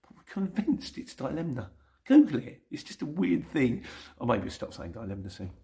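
A middle-aged man with a London accent talks through viewer questions on his channel. His voice sits in a mid range with a gravelly, creaky texture. He rambles along in a chatty, self-mocking way. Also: mid-range voice, sing-song, normal speed, mellow. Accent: London English. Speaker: YouTube channel host. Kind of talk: casual Sunday Q&A reading viewer comments.

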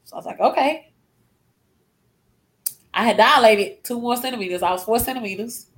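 A woman's voice: a little high, moderate pace, fairly bright tone. A young adult woman, a guest, emotionally retelling a personal story and acting out what people said. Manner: emotional retelling with acted-out quotes.

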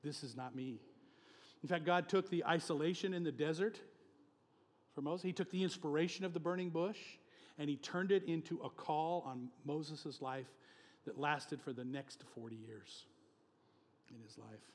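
A male pastor preaching a sermon with emphatic, animated delivery, often chuckling between points. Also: on the high side, moderate pace, long reverb tail.

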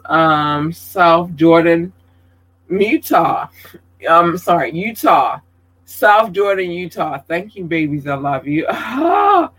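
Effusive male streamer, unhurried delivery, bright forceful tone, affectionate and casually profane. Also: a little high, poor audio. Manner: effusive, calls viewers babies, swears casually. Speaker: content creator giving shout-outs. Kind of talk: casual livestream chat.

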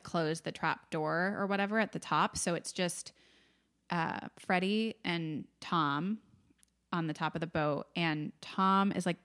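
Chatty woman with a lowish voice. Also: fairly bright tone. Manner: chatty, full of "like", acts out lines from the film. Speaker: podcast co-host. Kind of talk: casual chat recapping a film.

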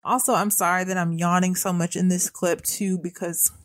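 A woman's voice: lowish voice, steady tone, normal speed. A young adult woman hosting a faith-based podcast, talking earnestly and conversationally to her listeners. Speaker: podcast host.

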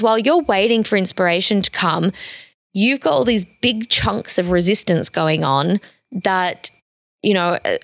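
A woman's voice: medium pitch, no room sound, clean studio sound. A woman coach giving a casual, emphatic motivational talk, chatty and often restarting her sentences. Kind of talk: motivational monologue.

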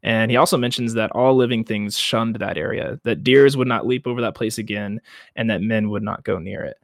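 Young male podcast co-host, casual, animated storyteller, dry mic. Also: on the low side, a little fast, no room sound. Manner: animated retelling, acts out quotes, laughs often. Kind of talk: casual book discussion.

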